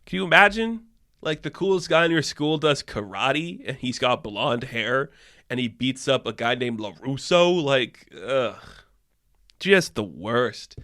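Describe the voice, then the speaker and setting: A man's voice: medium pitch, expressive, moderate pace, sharp tone, no echo. A young man hosting a podcast, ranting in a casual, profane, exasperated way, recorded on a close mic. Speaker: podcast host.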